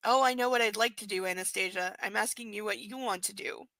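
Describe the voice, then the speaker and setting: A woman reading the lines of a possessive, controlling rich young man from a novel, in a clipped, low-key way. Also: fast, sharp tone, no echo, low-quality recording.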